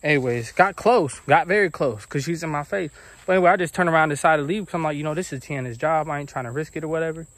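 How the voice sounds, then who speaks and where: A young man telling a casual storytime about his own life, animated and acting out the people he quotes. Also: on the high side, fast talker, no echo. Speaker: vlogger.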